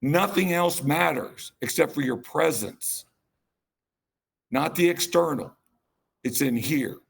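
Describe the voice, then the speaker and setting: A man's voice: fairly high pitch, slow pace. A man giving a passionate, rambling conference keynote with self-deprecating asides. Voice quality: gravelly, husky. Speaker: keynote speaker.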